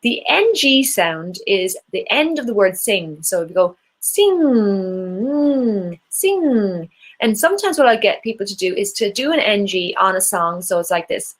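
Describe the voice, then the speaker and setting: Irish woman, singing teacher, encouraging workshop leader, demonstrates vocal warm-ups. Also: mid-range voice, sing-song, moderate pace, few pauses. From Ireland. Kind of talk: live online singing workshop.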